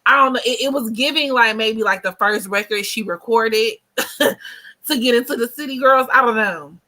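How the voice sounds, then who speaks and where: A woman in her twenties chatting casually to her viewers and telling stories in an animated way, heavy on fillers. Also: fairly high pitch, moderate pace. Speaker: vlogger. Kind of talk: casual storytime chat.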